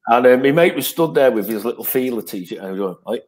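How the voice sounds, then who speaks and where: A man's voice: mid-range voice, big pitch swings, fairly quick. A man, a guest who tells rambling anecdotes in casual chat and laughs as he tells them. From North West England.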